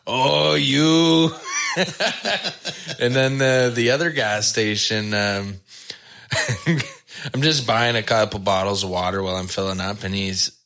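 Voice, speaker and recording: A man hosting a podcast, who tells stories in an animated way and laughs often. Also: lowish voice, measured pace, creaky, long pauses. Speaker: podcast host. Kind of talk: casual interview chat.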